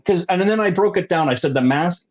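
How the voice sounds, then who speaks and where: Fired-up ranting man, slightly higher voice. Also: lively intonation, brisk. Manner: heated ranting, swears freely. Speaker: guest. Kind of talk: casual conversation. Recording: dull lo-fi sound.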